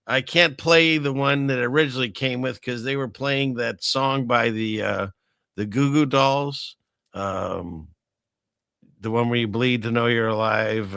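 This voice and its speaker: A man's voice: medium pitch, gravelly, sharp tone, no room sound, studio quality. A man hosting a show in casual livestream chat, rambling and chuckling as he talks to his wife off-mic. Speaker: host.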